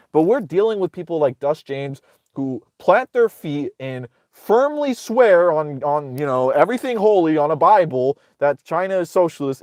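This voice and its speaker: A political commentator hosts a casual livestream, ranting sarcastically and profanely with a rambling delivery and many restarts. His voice is on the high side and a little mellow, recorded cleanly in a studio with no echo.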